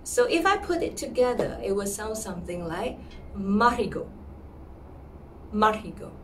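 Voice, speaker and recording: A woman teaching pronunciation in a lesson, sounding out words slowly and repeating them with care. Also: medium pitch, big pitch swings, distant mic, slight background noise. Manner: slow, careful, repeats words. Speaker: music teacher.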